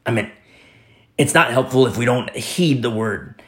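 This preacher's sermon leans on repeated phrases for emphasis, along with storytelling asides full of fillers. He speaks in a mid-range, fairly bright voice at a moderate pace.

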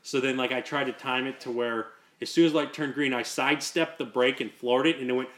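This podcast host is a man with a medium-pitched, fairly bright voice, talking fairly quickly with fairly even intonation. In casual chat he tells a long, rambling story, repeating words and laughing as he goes.

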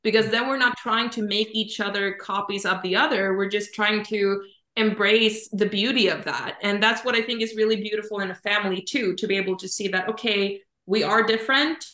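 A woman's voice: mid-range voice, brisk, bright, forceful tone, roomy sound. A woman guest, a Human Design coach, explaining ideas in casual chat with picture-like examples and a lot of "kind of" and "like". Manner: thoughtful, explains with images, says "kind of" and "like" often.

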